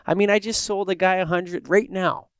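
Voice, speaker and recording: Smooth-voiced man telling a story. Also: high voice, normal speed, dry recording. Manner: animated storyteller, acts out anecdotes. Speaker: podcast co-host. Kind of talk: casual chat.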